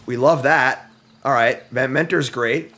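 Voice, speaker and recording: A man talks through a card game in a casual, running commentary, and his pitch and delivery sit right in the middle of the normal range. He sounds worn out after hours of streaming and keeps breaking into exasperated, self-deprecating outbursts. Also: a little slow, sharp tone. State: worn out after a long session.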